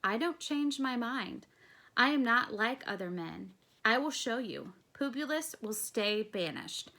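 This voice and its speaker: A woman's voice: on the high side, lively intonation, slow, sharp tone, heavily acted. A woman reading the part of a proud, stubborn male Roman ruler in a firm, commanding way.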